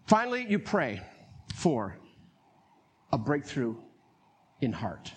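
A man with a North Carolina accent preaching a sermon as pastor, animated, laughing often and acting out voices. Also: medium pitch, takes it slowly, pauses often, a little hiss or hum.

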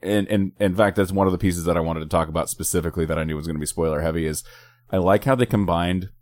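A man with a notably deep voice talks movies and comics in a relaxed podcast chat, often repeating words as he gets going. The recording is close and dry, with no echo around him. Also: fast talker. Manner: enthusiastic comic book fan, stammering repeats. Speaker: podcast co-host. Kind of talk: casual movie review chat.

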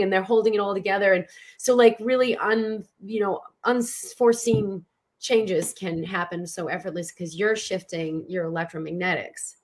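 A woman's voice: mid-range voice, steady tone, fairly quick. A woman hosting an interview, asking questions and affirming her guest in an encouraging way. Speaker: host.

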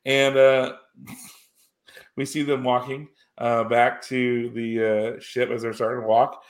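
Guy rambling thru a movie recap, lots of uh and um, normal pitch. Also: level tone, takes it slowly. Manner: rambling, many fillers and restarts. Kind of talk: casual chat recapping a film.

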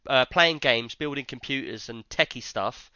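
A man's voice: mid-range voice, moderate pace, sharp tone, dry recording, muffled recording. A man hosting a casual podcast, rambling and joking as he tells stories. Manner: rambling, jokey storytelling. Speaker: podcast host. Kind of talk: casual chat.

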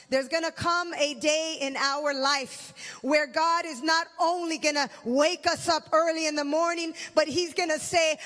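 A man preacher delivering an impassioned sermon and leading prayer, swelling into loud cries and dropping to hushed tones. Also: very high voice. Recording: long reverb in a hall.

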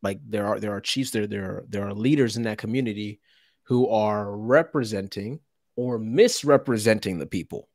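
A man co-hosting a podcast conversation, talking in an animated way with rhetorical questions and words repeated when he gets worked up. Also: lowish voice, moderate pace, no echo, clean studio sound. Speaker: co-host.

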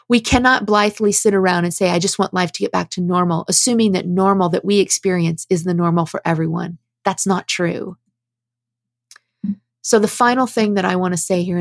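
A woman's voice: fairly low pitch, dry recording. A woman giving impassioned spoken commentary, earnest and emphatic, at times preaching as she reads out prepared statements.

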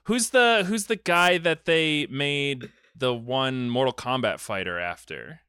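A young man hosting a podcast, riffing as he recaps a film scene by scene. His voice is bright and forceful and swings widely in pitch. The sound is dry and close. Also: slow pace, clear, resonant tone, no echo. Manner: animated storytelling, riffing. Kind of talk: casual comedic chat.

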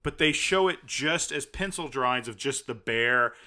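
Excitable man with a bright voice. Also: mid-range voice, moderate pace. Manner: excitable, animated retelling with quoted reactions. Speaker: podcast co-host. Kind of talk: casual chat.

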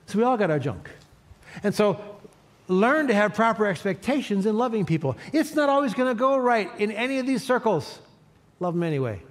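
A man's voice: high voice, sing-song, a little fast. A man preaching a sermon as pastor, leading his congregation in call-and-response. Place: church sanctuary.

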